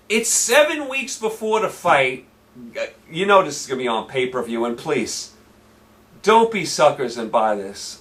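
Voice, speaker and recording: Brash high-voiced man ranting about sports. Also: a bit bright, recorded from a distance. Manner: brash, combative, repeats lines for emphasis. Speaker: sports show host. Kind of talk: ranting sports talk monologue.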